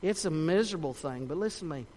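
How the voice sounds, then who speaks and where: A man preaching a sermon in a fervent, folksy way, swinging between shouts and hushed tones. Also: on the high side, expressive, fast, a little hiss or hum. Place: church sanctuary. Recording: long reverb of a church hall.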